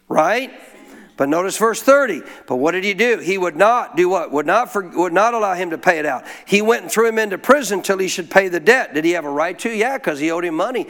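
High-pitched guy teaching bible study, folksy, keeps asking the crowd to answer out loud. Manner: call-and-response, prompts listeners to answer aloud; informal, folksy phrasing.

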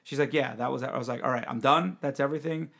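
A young man hosts a podcast, speaking very fast at medium pitch with vocal fry as he tells a story in casual chat. He's animated, acting out the voices of the people involved and laughing often.

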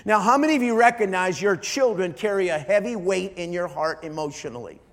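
A middle-aged man, a pastor, preaching an emotional sermon, often halting and repeating his starts. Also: high voice, expressive, fairly bright tone, big-room sound. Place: large church hall.

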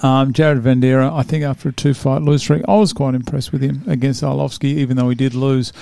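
A man's voice: mid-range voice, flat delivery, fairly quick, vocal fry, warm tone, no room sound. A man, chatting casually and laughing often as he previews fights with his young son. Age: 40s. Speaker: podcast host previewing fights. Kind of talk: casual chat.

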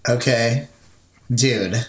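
A man's voice: medium pitch, extremely slow, a little hiss or hum. Emphatic man in an echoey room. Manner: teasing, blunt and emphatic. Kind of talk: casual banter.

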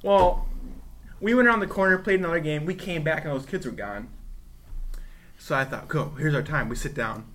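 A man's voice: fairly high pitch, moderate pace, pauses often. A man casually telling a funny story on a podcast, laughing and acting out the people in it. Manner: animated, laughing, acts out voices.

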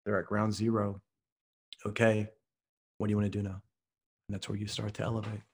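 Telling an earnest, vivid story in conversation, this Oklahoma man, an author and speaker appearing as a podcast guest from the US Midwest, talks fairly quickly. His voice is husky and fairly low, with a level tone.

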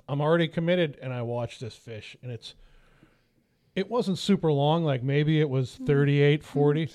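Animated storyteller, man, slightly high voice, casual podcast host. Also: moderate pace. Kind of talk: casual fishing chat.

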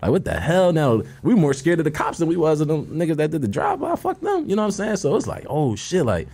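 Lively storytelling man, slangy and animated. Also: on the high side, fast talker, vocal fry. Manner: animated, street slang, many fillers like "you feel me". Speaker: guest musician. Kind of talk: casual storytelling.

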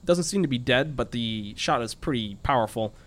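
A man's voice: medium pitch, lively intonation, normal speed. A man running a tabletop role-playing game as game master, narrating the scene in a loose, chatty way.

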